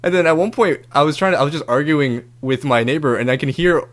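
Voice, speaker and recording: A man on his own podcast telling a story in a loose, chatty monologue, with a voice set a little high for a man. He swears freely and jumps into raised, animated voices when he quotes other people. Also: fast. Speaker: podcast host.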